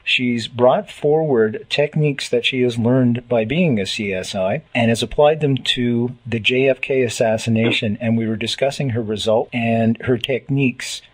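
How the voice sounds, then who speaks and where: A man's voice: medium pitch, moderate pace, hardly any pauses, rough recording. A Canadian man hosting a radio interview, engaged and encouraging, with frequent affirmations. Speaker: radio show host.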